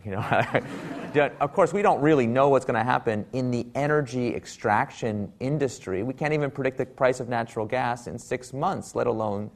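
A man's voice: mid-range voice, fairly quick. A man speaking at a talk, telling a wry story and acting out the people he quotes. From Silicon Valley, US.

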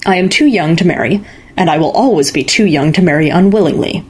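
A woman voicing a defiant young woman who refuses an arranged marriage, in a husky voice. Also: on the low side, brisk, darkish tone. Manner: firm, defiant.

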